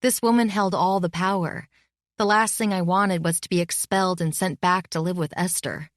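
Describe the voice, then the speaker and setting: A woman reading a novel as an audiobook narrator in a measured, close style. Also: fairly low pitch, steady tone, no room sound. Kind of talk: scripted narration.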